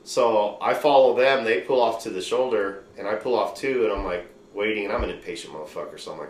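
Low-voiced man telling profane stories. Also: brisk, few pauses. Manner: loose, profane, rambling retelling. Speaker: podcast host. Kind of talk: casual storytelling chat. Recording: roomy room with faint noise.

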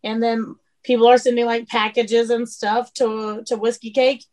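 A woman chef chatting on a podcast, animated, acting out the people in her stories. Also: a little high, moderate pace. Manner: animated storyteller, acts out quotes. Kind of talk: casual chat.

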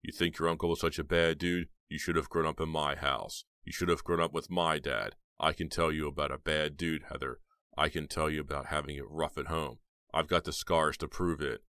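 A man's voice: very deep voice, flat delivery, fairly quick, sharp tone, smooth, no room sound, clean studio sound, exaggerated voice. A man doing a cold, sneering young thug. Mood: menacing.

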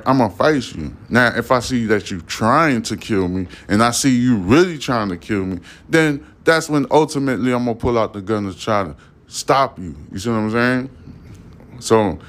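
Slangy, animated low-voiced man. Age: 40s. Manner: animated, profane street slang, many asides and fillers. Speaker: podcast host. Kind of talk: casual storytelling monologue.

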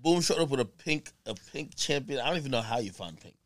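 A man's voice: medium pitch, lively intonation, fast. A man hosting a podcast, asking questions in loose, casual chat, with swearing and stammered restarts. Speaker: podcast host.

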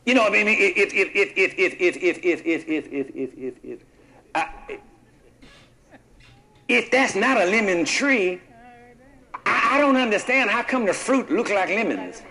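High-voiced preacher calling and responding. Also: male voice, big pitch swings, a little slow, pauses often, pushed and bright, poor audio. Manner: call-and-response, prompting the congregation with "what?"; repeats words and restarts often. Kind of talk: sermon.

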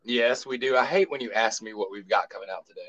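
A man's voice: fairly low pitch, a bit bright, muffled recording. A man co-hosting a podcast, teasing wryly and laughing easily. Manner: wry teasing, quick to laugh. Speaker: podcast co-host. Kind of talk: casual podcast banter.

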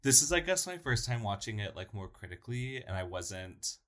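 Casual podcast co-host, mid pitch. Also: sing-song, brisk, fairly bright tone. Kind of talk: casual chat.

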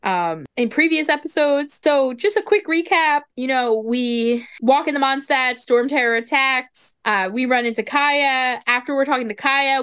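A woman with a fairly high voice, chatting casually as a podcast co-host. She talks loosely and leans on "like" as filler. The recording is dry and close. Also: fairly bright tone, clear, resonant tone, no room sound. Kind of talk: casual chat.

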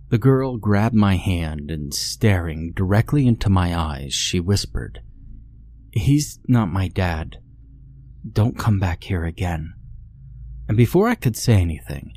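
A man narrating a scripted horror story in a calm, measured way. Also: low voice.

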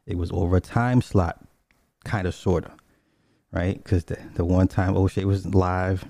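A deep, mellow-voiced man rants in a loose, rambling way, swearing freely and wandering off on tangents. The sound is close and dry, with no room around it. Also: little pitch movement, measured pace, creaky, no echo. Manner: profane, rambling, digressive. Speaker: commentator on online streamers. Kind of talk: casual ranting commentary.

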